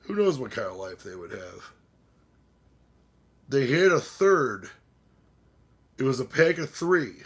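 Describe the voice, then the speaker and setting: Tipsy dude streaming, slow drawl, cussing a lot, just rambling to chat. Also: male voice, mid-range voice, big pitch swings, breathy edge. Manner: rambling, profane, talks to chat and his cats. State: tipsy from drinking. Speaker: livestream host. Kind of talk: casual live-stream chat.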